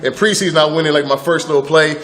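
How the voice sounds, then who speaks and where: A middle-aged man telling lively stories as an interview guest, acting out quotes loudly with sound effects and laughter. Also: fairly high pitch, very fast. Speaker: guest, former pro football player. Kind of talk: animated storytelling interview.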